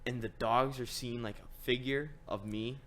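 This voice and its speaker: A young man telling stories in a casual podcast chat, middle-pitched and easygoing. He rambles with plenty of "like" and "whatever", and his voice rises when he gets to the annoying part. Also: fairly even intonation, normal speed, fairly bright tone. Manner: rambling storyteller, voice rises when retelling his own frustration. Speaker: podcast host.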